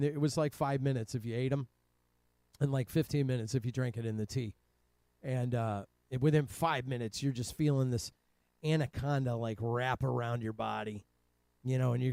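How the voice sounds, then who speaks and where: Telling his life story, this Cleveland, Ohio man speaks in a gravelly, dark voice of medium pitch. The story is rambling, profane and casual, punctuated by frequent laughter, and the recording is dry.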